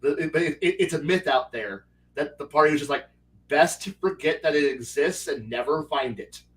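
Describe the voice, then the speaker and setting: Guy rambling about his game campaign, kinda high voice, sounds a little far from the mic, lots of restarts. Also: normal speed, a bit bright. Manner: rambling, many restarts, acts out players' lines. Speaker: game master. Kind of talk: casual podcast chat.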